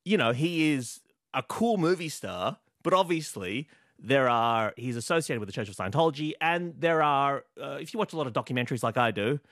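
Animated Australian comedian telling stories. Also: male voice, mid-range voice, brisk, dry recording, studio quality. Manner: animated, laughing anecdotes with quoted voices. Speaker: stand-up comedian and TV host. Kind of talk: storytelling interview guest.

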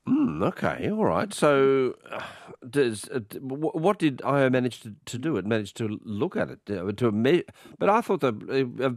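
Husky-voiced male radio host. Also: mid-range voice, sing-song, normal speed, no room sound, clean studio sound. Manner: chatty, hesitant, with many restarts. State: hoarse. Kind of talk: evening radio talk show.

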